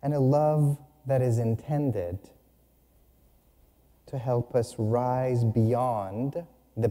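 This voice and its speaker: A man giving a spiritual talk, telling stories in a humorous, expressive way to a gathering in a hall. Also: medium pitch. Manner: humorous, unhurried, expressive storytelling. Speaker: speaker. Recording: long hall reverb.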